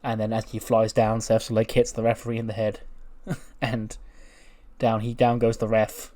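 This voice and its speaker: A man's voice: lowish voice, completely flat delivery, moderate pace, dark tone. A man narrates his simulated wrestling show in a casual let's-play style. He is loose and chatty, dropping the odd swear word as he recaps matches. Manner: loose, chatty, mildly profane. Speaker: game channel host.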